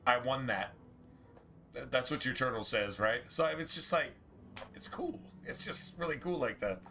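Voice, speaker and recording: A man's voice: mid-range voice, lively intonation, normal speed, bright, forceful tone. A man streaming a video game, chatting casually in a rambling way, full of restarts and asides. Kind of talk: casual chat while streaming gameplay.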